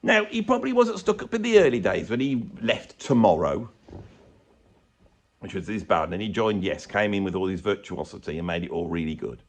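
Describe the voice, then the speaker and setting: A man's voice: fairly low pitch, sing-song, normal speed. A man giving a rambling, sarcastic, comedic rant as a YouTube commentator. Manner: rambling, sarcastic, self-mocking.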